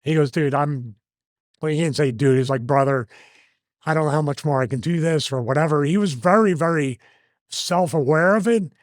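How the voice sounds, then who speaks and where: A man in his fifties, a show host, telling a story in a casual, animated way and acting out the lines he quotes. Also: on the high side, normal speed, no echo, studio quality. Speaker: host, former wrestler.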